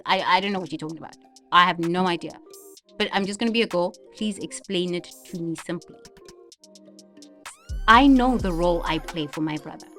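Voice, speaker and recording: Woman ranting on her vlog, laughs a lot, does little voices of people, some soft music underneath. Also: fairly low pitch. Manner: animated, laughing, dramatic mimicry. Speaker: vlogger. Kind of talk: spiritual monologue vlog.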